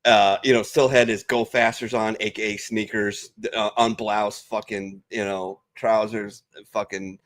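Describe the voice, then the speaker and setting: A young adult man, a veteran panelist on a video call, telling stories in a casual, profane and animated way. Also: fairly low pitch, measured pace, few pauses. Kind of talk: casual storytelling chat.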